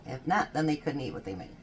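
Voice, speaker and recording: A woman's voice: deep voice, slight background noise. A woman in her fifties chatting casually while baking in her kitchen, telling stories and laughing often. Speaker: home baking vlogger.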